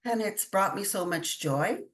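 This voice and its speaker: A woman's voice: medium pitch, lively intonation, measured pace. An older woman chatting in an interview, telling stories with frequent laughs. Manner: chatty storytelling, laughs often. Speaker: guest, intuitive channeler. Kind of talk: casual interview chat.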